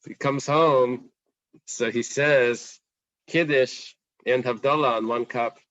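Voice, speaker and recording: A man's voice: mid-range voice, slow, dry recording, rough recording. A man teaching a casual Talmud class, talking things through and acting out the questions in the text. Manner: conversational, animated, acts out the Gemara's questions.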